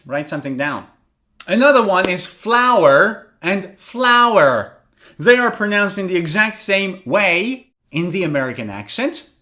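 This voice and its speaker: A man teaching English pronunciation in an online lesson, explaining clearly and sounding out words slowly to demonstrate. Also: high-pitched, sharp tone.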